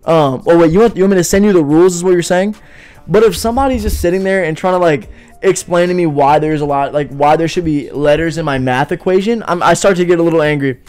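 A man's voice: fairly high pitch, quick pace, darkish tone, smooth, faint music behind. A young man hosting a casual livestream, joking and rambling while answering his chat and saying "bro" a lot. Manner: joking, rambling, reads and answers chat, says "bro" and "you know what I mean". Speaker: livestream podcast host.

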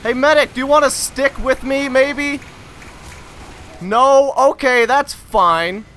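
A man giving live gameplay commentary, frustrated and ranting, sometimes breaking into loud shouts. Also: very high voice, slow pace, slight background noise. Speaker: gamer recording gameplay commentary.

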